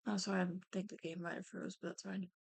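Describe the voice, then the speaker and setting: A woman's voice: on the low side, flat delivery, fast talker, vocal fry, slightly rough. A woman chatting casually on a livestream, apologetic and giggly as she explains herself.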